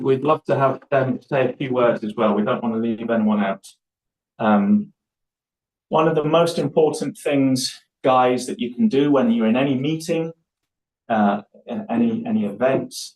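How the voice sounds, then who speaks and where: A man's voice: mid-range voice, normal speed, low-quality recording. A young man from Scotland leading a live public speaking workshop, talking animatedly and acting out voices in his stories. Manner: animated, acts out voices in anecdotes.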